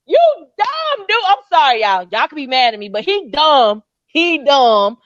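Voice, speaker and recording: A woman hosting a commentary channel, reacting in blunt, excitable, profane rants. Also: high-pitched, measured pace, no echo, dull audio.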